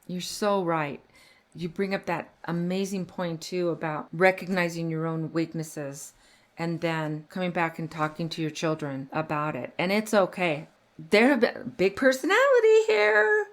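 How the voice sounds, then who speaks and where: A middle-aged woman hosting a parenting podcast, talking earnestly and getting animated when she tells stories. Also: on the low side, a little slow. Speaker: podcast host. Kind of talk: casual parenting podcast chat.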